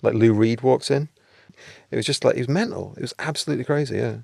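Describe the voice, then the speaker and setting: A man's voice: medium pitch, vocal fry, a little mellow, no room sound. A male band member reminiscing in an interview, rambling and full of fillers. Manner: rapid, rambling, filler-heavy talk.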